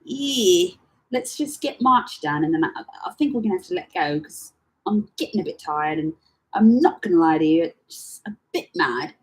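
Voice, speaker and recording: A young woman chatting casually to camera as she sorts through her files, rambling and swearing with slangy, animated talk. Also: medium pitch, normal speed, gravelly, breathy edge, rough recording. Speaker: vlogger.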